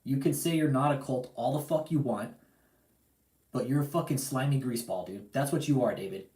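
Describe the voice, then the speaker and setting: A man's voice: mid-range voice, fairly quick, darkish tone, reverberant. A man hosting a livestream, ranting angrily and profanely, repeating himself and calling out his target directly. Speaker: livestream host. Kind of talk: heated livestream rant.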